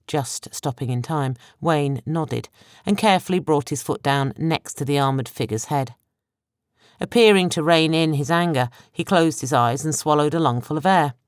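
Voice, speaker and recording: A woman narrating a science fiction audiobook in a measured, clear storytelling manner, close to a studio microphone. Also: low-pitched, no room sound. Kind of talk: scripted narration.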